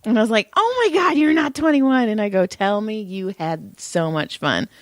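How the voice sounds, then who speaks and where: A woman's voice: medium pitch, normal speed, no room sound, studio quality. A woman in her thirties co-hosting a podcast, telling stories in casual chat and laughing often. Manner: laughs a lot while telling stories, animated. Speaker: podcast co-host.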